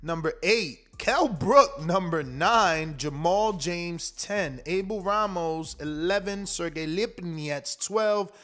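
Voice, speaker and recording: A man's voice: high-pitched, takes it slowly, few pauses, fairly bright tone. A man hosting a boxing talk show, chatting casually and reading out rankings with stumbles and restarts. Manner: rambling, reads rankings aloud with stumbles. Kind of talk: casual chat.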